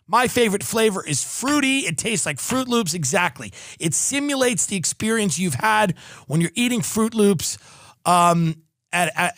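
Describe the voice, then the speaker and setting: A man's voice: high voice, a bit bright, dry recording. A male podcast host doing a rambling, sarcastic comedic ad read, full of profanity.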